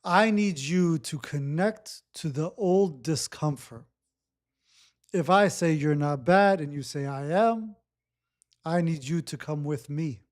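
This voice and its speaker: A man leading a guided breathwork session, speaking gently and repeating his cues. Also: on the high side. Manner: slow, repetitive, gently instructive. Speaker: breathwork facilitator.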